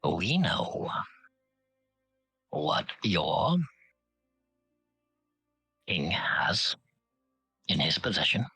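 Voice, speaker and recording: A man's voice: low voice, sing-song, extremely slow, pauses often, bright, forceful tone, husky, no room sound, soft background music, voice pushed down, heavily acted. Man voicing a bargaining pirate man. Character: male buyer, smooth bargaining pirate man.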